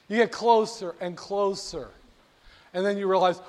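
A male lecturer giving a classroom lecture in a lively, jokey way, speaking straight to his students. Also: sits high, normal speed.

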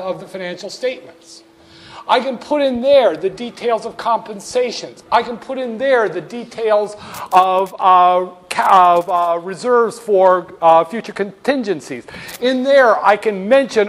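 A man giving a classroom lecture on finance, wry and storytelling, with asides to the class. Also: high-pitched.

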